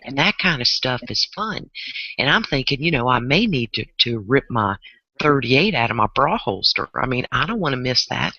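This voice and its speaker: Lively storytelling woman in her fifties. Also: a bass voice, moderate pace, breathy edge, no room sound, highs cut off. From New Orleans, Louisiana. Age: 50s. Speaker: panel guest. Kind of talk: casual storytelling.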